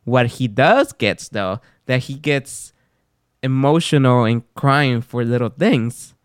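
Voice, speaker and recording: A man's voice: mid-range voice, slow pace, smooth, no room sound, studio quality. A man hosting a podcast, telling stories in casual chat and laughing often. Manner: animated storyteller, laughs often. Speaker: podcast host.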